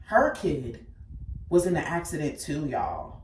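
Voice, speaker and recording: A woman telling her life story candidly and bluntly, cursing freely, talking straight to her listeners and swinging between loud outbursts and quiet asides. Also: low voice, very animated, slow, distant mic, slight background noise. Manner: blunt and profane, addresses listeners directly. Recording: echoey room, speaker set back from the mic.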